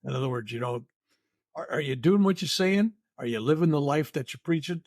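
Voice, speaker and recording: An older American reverend, a guest on a spiritual podcast, talks earnestly in a slightly high, lively voice that's a little fast and darkish. He rambles, repeats words and says "you know" often, captured in clean, echo-free studio sound.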